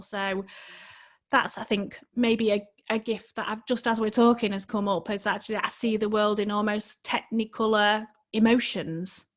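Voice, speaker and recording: A woman's voice: mid-range voice, flat delivery, normal speed. A married woman who works as a life coach, talking earnestly and emotionally as a podcast guest, often restarting her sentences. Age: adult, married with children. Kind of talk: casual podcast conversation.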